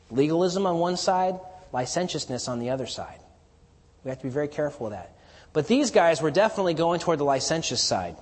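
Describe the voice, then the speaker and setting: Husky-voiced preacher in a reverberant hall. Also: male voice, darkish tone. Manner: teaching verse by verse, rising to emphatic declarations then dropping low. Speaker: pastor. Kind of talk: expository sermon.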